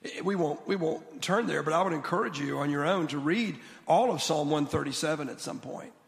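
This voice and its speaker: A man preaching a sermon as a guest speaker in a church, animated and quick to restart his sentences. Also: on the high side, creaky, big-room sound. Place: church sanctuary.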